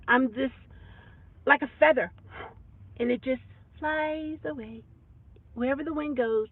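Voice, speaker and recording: A woman rideshare driver vlogging in a casual, rambling monologue, animated and full of repeats. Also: sits high, dry recording. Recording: tinny phone-like dry sound.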